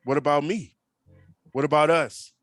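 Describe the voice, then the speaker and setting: A man's voice: a little high, steady tone, normal speed, fairly bright tone. A man co-hosting a casual podcast chat who jokes around and echoes the host's words. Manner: joking, echoes the host. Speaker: podcast co-host.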